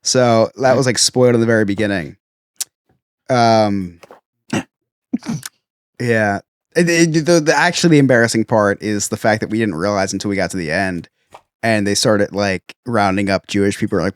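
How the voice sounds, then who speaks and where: A man's voice: lowish voice, moderate pace, long pauses, clean tone, dry recording. Chatty man hosting a podcast, stammering. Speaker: podcast host. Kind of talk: casual podcast chat.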